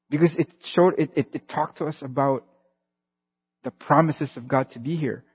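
A man's voice: a little high, husky. A male pastor giving a conversational sermon, building to emphatic bursts, heard in a church hall. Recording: dull lo-fi sound with long hall reverb.

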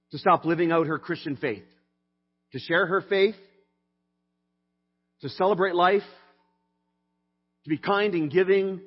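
A middle-aged man speaks with a fairly high voice, telling a personal faith story in an easy, conversational way full of fillers. He shifts between lively telling and quiet, subdued stretches. The sound is dull and lo-fi, with a long reverb from a big hall. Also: breathy edge. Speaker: speaker sharing a testimony.

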